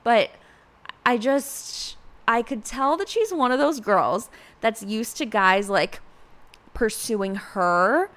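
A woman's voice: on the high side, expressive, takes it slowly, a bit bright. A young adult woman hosting a casual solo podcast, talking in a chatty way full of "like" fillers and acting out quotes. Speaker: podcast host.

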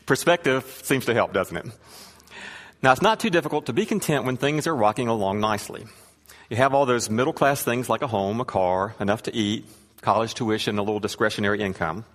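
A man's voice: fairly low pitch, a little fast, fairly bright tone, big-room sound. A man giving a sermon in a conversational, wry way, with scripture reading and asides. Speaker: preacher.

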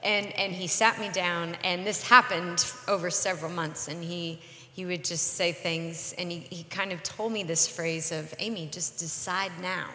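A woman's voice: lowish voice, fairly even intonation, moderate pace, pushed and bright. A woman in her forties telling a personal story on a podcast, earnest and reflective. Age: 40s. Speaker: podcast co-host. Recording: roomy reverberant room.

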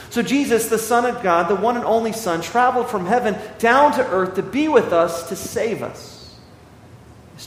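A man preaching a sermon as pastor, reading scripture slowly and with emphasis. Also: high-pitched, a little hiss or hum. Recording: echoey hall, slight ambience.

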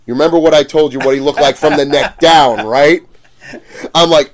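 A man's voice: a little high, brisk. A man in casual conversation, retelling a run-in with a customer. He throws himself into the quoted lines, swears without hesitation and breaks into laughter as he talks. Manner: animated, acts out quotes, swears, laughs often. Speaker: convention vendor telling a story. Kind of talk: casual storytelling chat.

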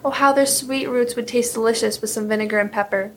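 A woman's voice: on the high side, fairly even intonation, fast, a bit bright, slight background noise, natural voice. A woman voicing a woodcutter's wife from a fairy tale, longing and coaxing. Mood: yearning. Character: yearning, wheedling woodcutter's wife.

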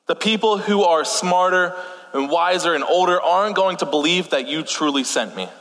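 A man's voice: high-pitched, expressive, normal speed, fairly bright tone. A young man, a pastor, giving a casual sermon with joking asides and scripture readings, with a slight lisp and stutter. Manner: chatty, joking asides, reads scripture aloud. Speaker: youth pastor. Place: church hall. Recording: long hall reverb.

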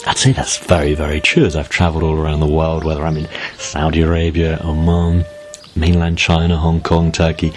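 A man's voice: very deep voice, completely flat delivery, a little fast, soft background music. A man giving a casual, thoughtful commentary, with loose phrasing and the odd filler. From Britain. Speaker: video essay host.

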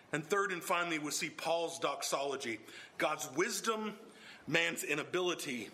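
A man delivers an expository sermon with emphasis, moving between a low, steady tone and abrupt exclamations. There is a faint hiss or hum in the recording.

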